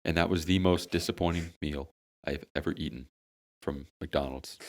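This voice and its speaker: A man's voice: very deep voice, normal speed. A young man, telling a funny story with plenty of swearing on a casual podcast among friends. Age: young adult. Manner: animated, swearing, dramatic comic storytelling. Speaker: podcast co-host.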